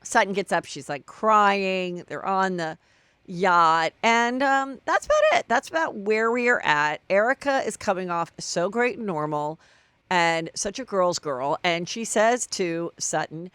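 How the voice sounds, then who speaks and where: A woman's voice: mid-range voice, measured pace, fairly bright tone, smooth, dry recording. A woman hosting a solo celebrity gossip podcast, chatty and gossipy, acting out what people said. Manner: chatty, gossipy, acts out quotes. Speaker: podcast host.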